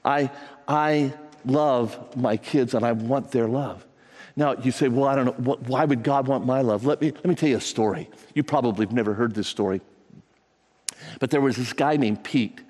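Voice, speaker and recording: Older preacher in a reverberant hall. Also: male voice, normal speed, a little mellow. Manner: folksy storytelling with repetitions and pitch jumps. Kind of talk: sermon. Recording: long reverb of a large hall.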